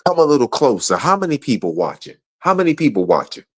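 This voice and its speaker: A man's voice: fairly high pitch, very animated, fast talker. A man angrily ranting on a livestream, profane and repeating himself. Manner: angry, profane, repetitive. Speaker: guest. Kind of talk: heated livestream rant.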